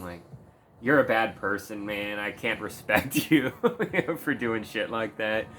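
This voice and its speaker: Profane ranting man, bright voice. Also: fairly low pitch, a little hiss or hum. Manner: profane, heated, sarcastic. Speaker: video creator. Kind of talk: casual ranting commentary.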